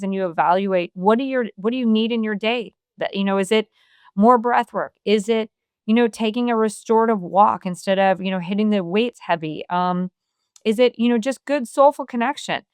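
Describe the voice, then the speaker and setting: A middle-aged woman speaks as a podcast guest, in an earnest and open way that leans on filler phrases. Her tone is smooth and clean. The sound is close and dry, with no room around it. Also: a little high, moderate pace, dry recording. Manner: earnest, open, many "you know" fillers. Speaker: podcast guest, wellness author. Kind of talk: casual conversational interview.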